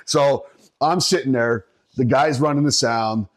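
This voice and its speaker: A man's voice: medium pitch, wildly swooping pitch, takes it slowly. A middle-aged man from Northeastern Pennsylvania, a podcast guest telling a profane story in casual chat, laughing often.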